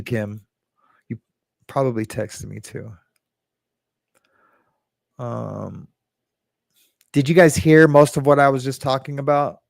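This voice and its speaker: A man's voice: medium pitch, gravelly, darkish tone, dry recording, clean studio sound. A man hosting a casual livestream, rambling and correcting himself as he chats with viewers and swearing now and then. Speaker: livestream host.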